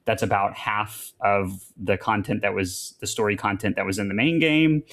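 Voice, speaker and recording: On a podcast, a man with a fairly low, fairly bright voice reviews a game at a moderate pace. He rambles, looping back with fillers and restarts, keeping the conversation loose and casual.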